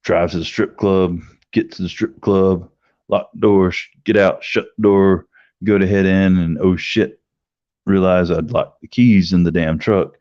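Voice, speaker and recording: A middle-aged livestream host tells a long, rambling, profane story in a steady, slightly mellow voice at a measured pace, raising his pitch to act out quoted lines. There's no room sound; the recording is dry and a little dull, with a lo-fi quality.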